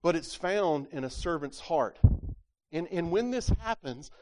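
Delivering a sermon in a voice on the high side, expressive and darkish in tone, this man speaks a little slowly. He throws rhetorical questions at his listeners, repeats words, and performs the quoted voices of scripture.

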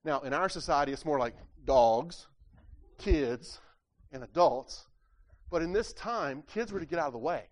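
This preacher talks fast with few pauses, his fairly high voice full of lively intonation. Throughout the sermon he asks rhetorical questions of his congregation, repeats words, and acts out the quoted voices from scripture.

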